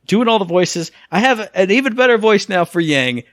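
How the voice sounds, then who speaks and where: A man co-hosting a casual gaming podcast, telling stories with lively acted-out quotes and sound effects. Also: high-pitched, normal speed, no room sound, clean studio sound. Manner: animated storyteller, acts out quotes and sound effects. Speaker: podcast co-host.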